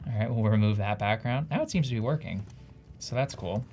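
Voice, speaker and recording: A man's voice: on the low side, a little fast, a little mellow, soft background music. A man with a New Jersey accent, co-hosting a casual live stream in an upbeat, chatty, self-deprecating way. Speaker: livestream co-host.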